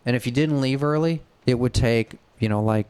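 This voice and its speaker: A man's voice: mid-range voice, moderate pace, darkish tone, clear, resonant tone. A middle-aged man from the Detroit area telling a story in casual talk, frank and profane, acting out the voices of people he quotes. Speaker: podcast co-host telling a story.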